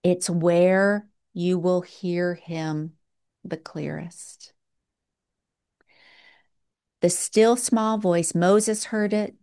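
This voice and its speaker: Woman preacher, low-pitched, slow deliberate sermon delivery with dramatic pauses. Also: steady tone, dark tone, clean tone.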